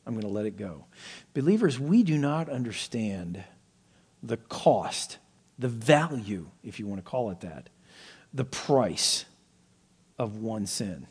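Man preaching, acting out the quoted pleas. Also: husky. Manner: expository preaching, acting out quoted pleas with sudden jumps in pitch and loudness. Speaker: pastor. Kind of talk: sermon.

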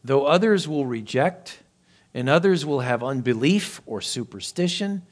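A man preaching a sermon, acting out Bible characters with lifted voice and dropping to a hush for emphasis. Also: measured pace. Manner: expressive preaching, voicing Bible characters with rising pitch and volume; drops to a soft hush for emphasis. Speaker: pastor.

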